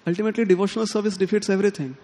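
A man giving a sermon, telling a devotional story in an animated way and acting out the characters' lines. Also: high voice, very fast. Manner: animated, quotes characters in lively tones, chuckles often. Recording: long hall reverb.

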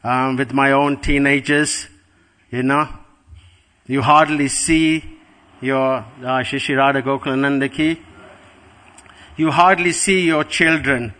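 A man's voice: a little high, sharp tone. A middle-aged man giving a devotional class, telling a story in an earnest way and repeating words for emphasis. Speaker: spiritual teacher.

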